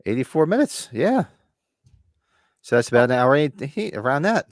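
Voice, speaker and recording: Man host, loose rambling chatter, lively pitch, dry close sound. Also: moderate pace, no room sound. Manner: rambling, restarts mid-sentence. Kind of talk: casual live watch-along chat. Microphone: webcam stream setup.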